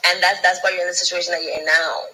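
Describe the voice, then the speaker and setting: A scornful woman rants in a piercingly bright voice that has a husky edge. She swears nonstop and trips over repeated words as she builds up steam. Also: on the low side, little pitch movement, racing, low-quality recording. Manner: scornful, mocking, swearing constantly; repeats and restarts words when heated. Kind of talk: profane ranting monologue.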